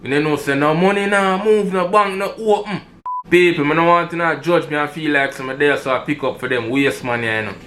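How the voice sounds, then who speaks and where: A man's voice: on the high side, a little fast, fairly bright tone, slight background noise. A man with a Jamaican accent, giving heated commentary in patois and repeating himself for emphasis. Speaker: commentator reacting to robbery footage.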